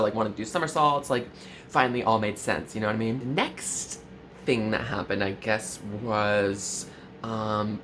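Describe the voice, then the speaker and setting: A man in his twenties doing a mock-earnest parody vlog, full of valley-girl fillers and sudden swoops in pitch. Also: a bit bright, a little hiss or hum. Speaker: comedy vlogger.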